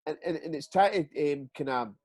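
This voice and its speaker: A Scottish man with a voice pitched a little higher than most men spins a story in casual chat. He swears freely and stumbles over repeated words. The recording is close and dry, with almost no room sound. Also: moderate pace, no echo. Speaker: retired footballer, interview guest.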